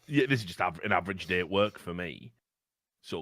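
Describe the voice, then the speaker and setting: A man's voice: low-pitched, animated, fairly quick, fairly bright tone, no echo, clean studio sound. A man co-hosting a casual podcast, talking in a rambling, emphatic, profane way. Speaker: podcast co-host.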